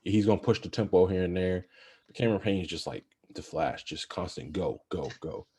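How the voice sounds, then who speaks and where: A young man co-hosting a podcast, chatting about basketball in a casual, animated, rambling way. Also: sits low, fairly quick, slightly rough. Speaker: podcast co-host. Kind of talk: casual sports chat.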